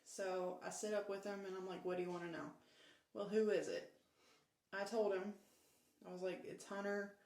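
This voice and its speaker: A woman tells her own story in a steady, matter-of-fact way, quoting the people around her. Her pitch barely moves, and the room around her echoes. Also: a little fast. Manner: plain, steady recounting with quoted dialogue. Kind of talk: first-person confessional storytelling.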